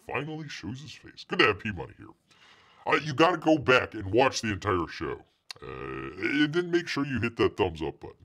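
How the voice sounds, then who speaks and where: A man's voice: lowish voice, big pitch swings, moderate pace, gravelly, a bit bright, breathy edge. A man hosting a live stream, chatting casually, joking and rambling, and speaking of himself in the third person. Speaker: livestream host.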